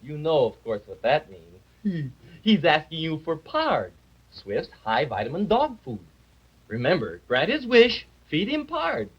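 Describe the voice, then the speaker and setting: Ollie, a chatty dragon puppet. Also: male voice, fairly high pitch, wildly swooping pitch, unhurried, slightly rough, full character voice. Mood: chatty salesman. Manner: chatty salesman patter, chuckling. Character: good-natured, boastful male dragon puppet. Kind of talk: 1950s live TV puppet comedy. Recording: dull lo-fi 1950s TV audio.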